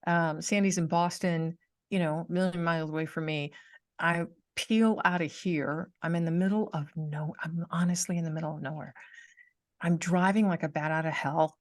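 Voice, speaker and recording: A woman's voice: deep voice, steady tone, moderate pace, dry recording, clean studio sound. A middle-aged woman hosting a podcast, telling a personal story in casual chat over a video call. She acts out the people in her story and laughs often. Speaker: podcast host.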